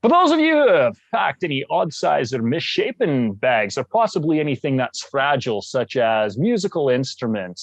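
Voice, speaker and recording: A man's voice: medium pitch, no room sound. A man putting on a suave Scottish-accented airport announcer's voice, drawn out and playful.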